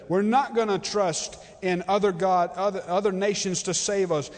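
A man preaching a sermon as pastor, impassioned, swinging between loud declarations and hushed, drawn-out readings of scripture. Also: high voice. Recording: long hall reverb.

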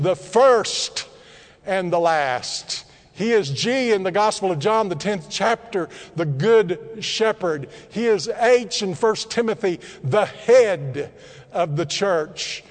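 A man preaching a sermon, swinging from low, quiet reflection to loud, impassioned cries. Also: big-room sound.

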